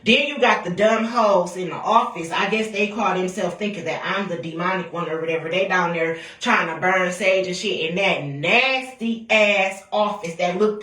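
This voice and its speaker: A woman tells a story from her own life, blunt, profane and animated, acting out what people said along the way. Her voice sits a bit back from the mic in an echoey room. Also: medium pitch, recorded from a distance. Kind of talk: casual storytime rant.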